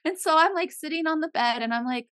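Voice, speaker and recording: A young woman co-hosting a casual podcast, her voice bright and fairly high. She tells stories with animated swings, acting out quotes with leaps in pitch. The recording is dry and close. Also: quick pace, dry recording. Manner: animated, acts out quotes with big pitch jumps. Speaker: podcast co-host. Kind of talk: casual storytelling chat.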